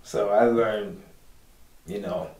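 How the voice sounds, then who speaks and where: A man's voice: lowish voice, fairly even intonation, slow pace, darkish tone, echoey room, far from the mic, poor audio. A man co-hosting, talking earnestly heart to heart, full of "you know" and "like.". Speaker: co-host. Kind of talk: heart-to-heart conversation.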